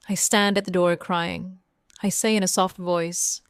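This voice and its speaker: A young woman narrating a first-person story in slow, simple, clear sentences for English learners. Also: lowish voice, steady tone, dry recording, clean studio sound. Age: young adult. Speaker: audiobook narrator.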